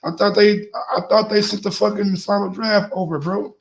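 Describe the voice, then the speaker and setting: Man, sports call-in host, slightly high voice, excitable, repeats words, laughing. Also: moderate pace, vocal fry. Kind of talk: casual sports call-in talk.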